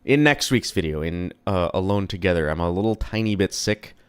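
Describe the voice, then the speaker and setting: A young man streaming from home, chatting casually in a rambling, profane, self-deprecating way, his voice a little low from being slightly sick. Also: animated, a little fast, smooth. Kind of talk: casual live-stream chat.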